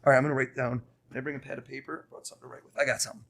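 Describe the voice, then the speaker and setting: Fast-talking young man doing mind-reading. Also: medium pitch, gravelly. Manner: fast, animated, coaxing. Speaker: mentalist guest. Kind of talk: casual podcast talk with live mind-reading.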